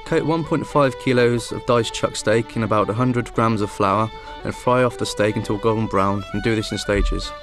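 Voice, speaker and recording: A man from Cornwall talks through a pie recipe as a guest chef on television. He explains each step in a plain, steady way. Music plays clearly behind his voice. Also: on the low side, moderate pace, few pauses.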